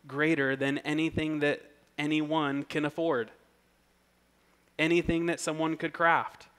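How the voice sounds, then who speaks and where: Earnest male preacher reading scripture. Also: mid-range voice. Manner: earnest, building emphasis, rises loud when reading scripture. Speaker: pastor. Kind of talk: expository sermon.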